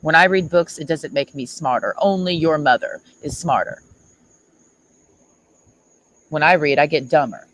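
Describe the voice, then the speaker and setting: A woman's voice: low-pitched, brisk, low-quality recording. A woman streamer ranting at someone in a sarcastic, mocking and confrontational way. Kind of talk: livestream rant.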